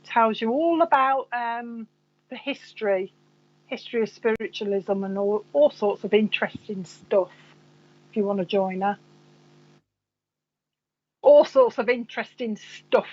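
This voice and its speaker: Hosting a live psychic reading stream, a woman from Coventry, England chats away and rambles, partly to herself. Her pitch sits fairly high, and the highs are clipped in the recording.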